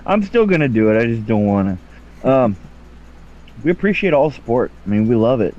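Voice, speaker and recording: A man's voice: medium pitch, sing-song, darkish tone, highs cut off. A man co-hosting a podcast, joking in a laid-back, easygoing way. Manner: slow, jokey, laid-back. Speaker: podcast co-host. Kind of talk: casual podcast chat.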